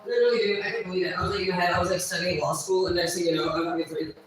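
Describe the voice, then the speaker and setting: A woman chatting casually on a livestream, blunt and profane, quick to laugh. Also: lowish voice, fairly even intonation, distant mic, faint music behind. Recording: very echoey room, voice off-mic.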